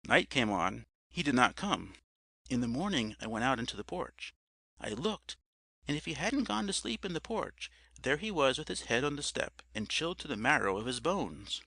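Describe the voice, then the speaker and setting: A male audiobook narrator tells a story expressively. His voice is bright and gravelly, with a lively, rising and falling pitch. The recording is dry and close. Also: moderate pace, no echo. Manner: expressive storytelling, addressing the listener as sir.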